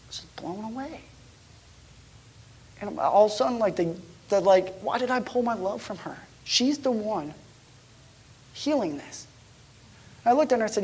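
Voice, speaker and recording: Hushed, conversational male pastor. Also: high voice, animated, normal speed, pauses often, slightly rough. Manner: conversational, dropping to hushed, near-whispered tones; frequent restarts and stammers. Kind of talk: storytelling sermon.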